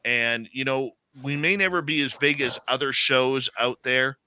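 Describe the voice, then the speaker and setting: A Canadian man hosting live radio, his voice very bright and forward. He rambles in a loose, conversational way with plenty of fillers and restarts. The sound is dry and close, with almost no room echo. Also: medium pitch, moderate pace, clean tone. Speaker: radio host.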